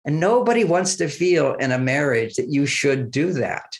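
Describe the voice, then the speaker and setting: Guesting on a storytelling interview, a man relays personal relationship tales in a laid-back way. He acts out what people said and chuckles often, his voice on the high side, expressive, and at a normal pace.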